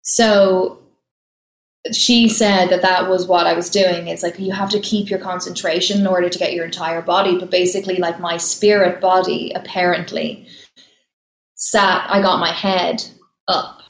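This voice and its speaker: Woman, actress guest, lowish voice, chatty storytelling, echoey room. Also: fairly even intonation. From Ireland. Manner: chatty, laughs easily, fast storytelling. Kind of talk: casual interview chat.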